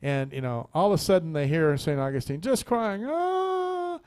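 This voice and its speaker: A man's voice: a little high, expressive, brisk, a little mellow, smooth. A man hosting a radio talk show, chatting casually and telling a rambling joke, laughing often and repeating words as he goes. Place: radio studio.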